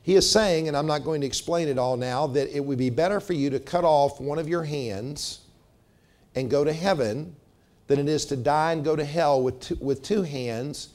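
A middle-aged man preaching a sermon, measured and slowing down to stress scripture. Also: a little high, a little mellow. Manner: measured, slows for emphasis on scripture. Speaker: pastor.

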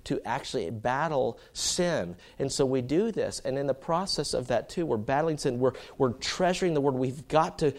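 A man's voice: medium pitch, animated, normal speed, few pauses. A man preaching a sermon in a conversational, storytelling way, with many fillers and restarts.

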